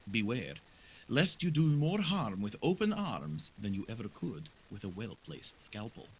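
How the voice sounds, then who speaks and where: A man voicing a mysterious female fortune teller reading tarot cards, slow and portentous. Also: on the low side, sing-song, slight background noise. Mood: solemn. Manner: slow, solemn, portentous delivery.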